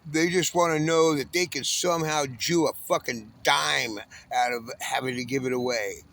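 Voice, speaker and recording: A man's voice: mid-range voice, fairly even intonation, normal speed, vocal fry, a bit bright. A homeless man in his sixties from Southern California, ranting angrily in a profane, bitter monologue. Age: 60s. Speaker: homeless panhandler.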